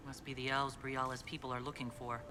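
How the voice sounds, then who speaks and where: An actor voicing a male video game hero, speaking in a measured, matter-of-fact way. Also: medium pitch, level tone, lightly acted. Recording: game audio under loud noise.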